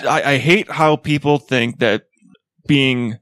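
A man's voice: mid-range voice, slow pace, a bit bright, no room sound, clean studio sound. A man co-hosting a casual podcast, heated and swearing, often stammering. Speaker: podcast co-host. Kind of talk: casual chat.

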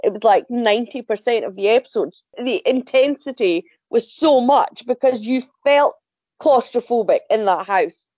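A woman's voice: fairly high pitch, moderate pace, a little mellow, dry recording, lo-fi sound. A woman contributing to a podcast chat, talking enthusiastically about TV shows. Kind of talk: casual chat.

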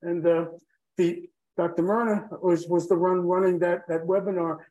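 Man, guest storyteller, warm dark tone, rambling and emotional. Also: high-pitched, little pitch movement, moderate pace, lo-fi sound. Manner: rambling, drifts off track, many fillers. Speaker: podcast guest telling his own story.

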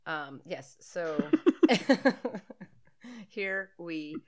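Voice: mid-range voice, lively intonation, drawn-out words, a crowd in the background. A podcast co-host talking through a movie in loose, casual chat. The delivery is sarcastic and jokey, with frequent laughter. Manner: joking, sarcastic, laughs often.

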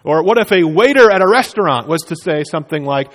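A man with a high voice preaches a sermon in an earnest, explanatory way, and he lifts his voice to stress key phrases. His words trail into a long reverb from the hall around him. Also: lively intonation, fast, a bit bright. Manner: earnest, explanatory, with emphatic rises on quoted words. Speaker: pastor.

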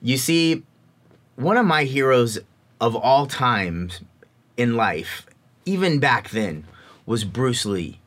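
Male speaker telling a personal story, expressive, slow and animated. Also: medium pitch.

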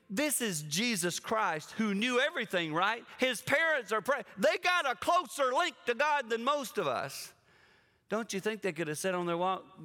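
A male guest preacher with a drawl, telling stories animatedly and talking straight to the congregation. His voice is bright and smooth, a little higher than most men's. The sound carries a long reverb from a large church auditorium. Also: normal speed. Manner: animated storytelling, addresses the congregation directly. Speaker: guest speaker. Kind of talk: sermon.

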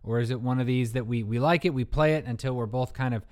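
Brief: male podcast co-host, mid-pitched, loose and self-deprecating, rambles with a grin. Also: quick pace, darkish tone. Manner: joking, rambling, self-mocking. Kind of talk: casual chat about board games.

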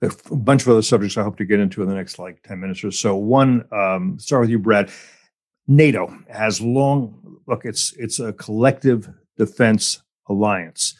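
A man's voice: on the low side, moderate pace. A man moderating a policy discussion, putting questions to the panelists in a conversational, hedging way.

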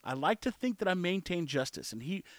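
A man's voice: sits high, lively intonation, fairly quick, dry recording. A man in his forties telling a story in a casual monologue, blunt and opinionated, rambling with restarts. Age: 40s.

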